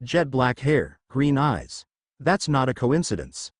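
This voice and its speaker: A mischievous, knowing male spirit of the dimensions, voiced by a man reading aloud, his pitch lively and the sound dry. A storybook reading. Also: slow pace, no room sound.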